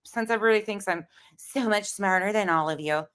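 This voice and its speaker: A woman's voice: medium pitch, a little fast, fairly bright tone, clean tone. Woman host, sarcastic, profane, casual reaction banter. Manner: sarcastic, swears freely. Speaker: host reacting to a video call.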